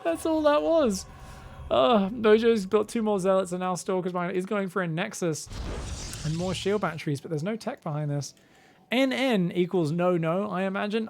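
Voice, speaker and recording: High-voiced excitable male game caster. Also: gravelly. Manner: excitable, joking, laughs often. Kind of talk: casual replay commentary.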